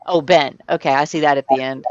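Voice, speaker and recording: A man's voice: on the high side, fairly even intonation, a little fast, no echo. A man hosting a casual livestream, chatting and greeting viewers from the chat. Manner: chatty, reads chat aloud. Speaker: livestream host. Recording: dry, dull sound.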